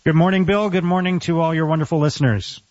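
A middle-aged man, a mayor interviewed on the radio, earnest and measured with frequent restarts. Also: on the high side, darkish tone, no echo. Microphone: phone. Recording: dull, dry phone line.

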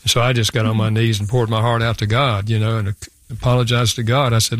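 An older man, a guest author on a radio show, telling a personal story earnestly with halting restarts. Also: medium pitch, level tone, dry recording.

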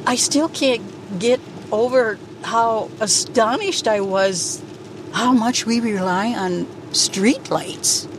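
An older woman, a local resident, speaking slowly and emphatically in a moving car. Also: a little high. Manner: slow, emphatic, plainspoken. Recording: car noise behind, field recording.

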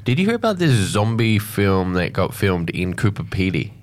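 A lower-voiced man co-hosts the radio chat, firing off playful, curious questions. He keeps it loose and conversational. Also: very animated, moderate pace. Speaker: radio co-host.

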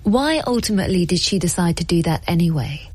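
A woman interviewer asking gentle, probing questions about a guest's past. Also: on the low side, animated, fairly quick, breathy edge.

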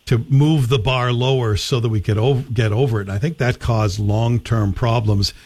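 A man's voice: medium pitch, fairly even intonation, normal speed, a little mellow. Conversational male radio host. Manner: conversational, thoughtful. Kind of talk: radio interview.

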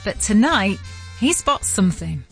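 A woman giving scripted narration as a podcast host, vivid and measured. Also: medium pitch, very animated, vocal fry, a bit bright, faint music behind.

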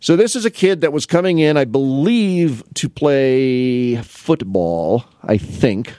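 Animated middle-aged man telling stories. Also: medium pitch, slow, clear, resonant tone, no echo, studio quality. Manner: rambling anecdotes with restarts, acting out both sides of conversations. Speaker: college academic advisor. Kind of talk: casual storytelling monologue.

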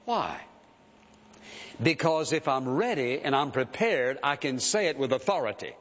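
Preaching with emphatic, insistent conviction, a male pastor repeatedly presses his listeners to listen. His mid-range voice is sing-song, unhurried and fairly bright. The sermon, recorded in a church sanctuary, sounds dull and carries long hall reverb.

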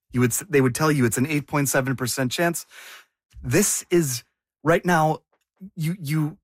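A man's voice: fairly high pitch, no echo, clean studio sound. A man co-hosting a news discussion, asking questions and explaining with some hesitation. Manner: inquisitive, hesitant. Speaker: co-host.

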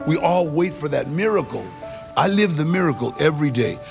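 Gravelly man telling a story, lively pitch. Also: fairly quick, soft background music. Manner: gravelly, acts out dialogue in short quoted exchanges. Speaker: guest telling his life story.

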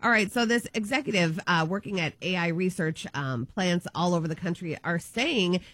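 A woman's voice: on the low side, animated, moderate pace, a bit bright, dry recording. A woman co-hosting a morning radio show, chatting casually with lots of fillers.

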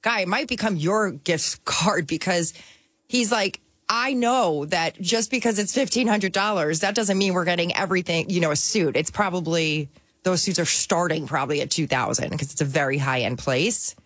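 A woman's voice: fairly low pitch, normal speed, dry recording, studio quality. A woman regular on a radio talk show, chatting casually and acting out quotes in her stories. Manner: animated storyteller, acts out quotes.

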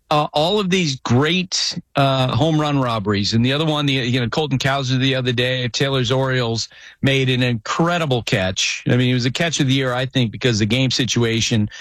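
A man's voice: medium pitch, a bit bright, dry recording. Chatty man hosting a sports talk show. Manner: conversational, frequent restarts, storytelling. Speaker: podcast host. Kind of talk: casual sports chat.

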